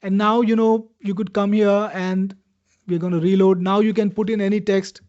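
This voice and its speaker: Male webinar host, high voice, pushy upbeat demo patter, slightly muffled audio. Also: little pitch movement, normal speed, darkish tone. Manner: upbeat, salesy, addresses viewers by name. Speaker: webinar host demoing software. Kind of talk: live product demo answering viewer questions.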